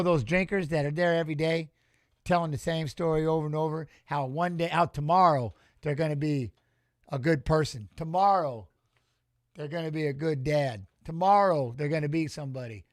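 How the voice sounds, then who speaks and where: Excitable high-voiced man streaming fight commentary. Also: no echo, clean studio sound. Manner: excitable, rambling, talks back to chat. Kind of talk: live-stream watch-along commentary.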